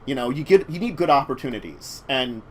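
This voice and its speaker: Here a man hosts an easygoing show on tabletop games, talking a little fast with lively intonation in a medium pitch. He meanders, stumbling over fillers and restarts, and slight background noise is audible.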